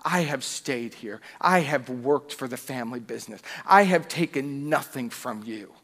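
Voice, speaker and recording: A man's voice: mid-range voice, expressive, normal speed, a bit bright. A man voicing a resentful grown son who sulks and complains with sarcasm and indignation. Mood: indignant. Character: sulking resentful grown son, self-pitying. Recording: long reverb of a church hall.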